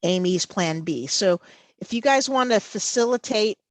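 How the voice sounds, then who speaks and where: A woman presenting a live safety training webinar over a video call, slow and halting, often pausing to check in with "okay". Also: medium pitch, expressive, no echo. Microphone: computer mic over video call.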